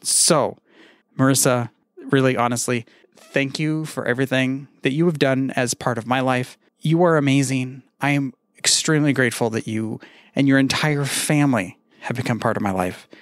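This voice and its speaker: A man recording a casual podcast message, telling groan-worthy puns in a deadpan, self-mocking way and swearing now and then. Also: mid-range voice, normal speed, no room sound, clean studio sound. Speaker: podcaster sending a tribute.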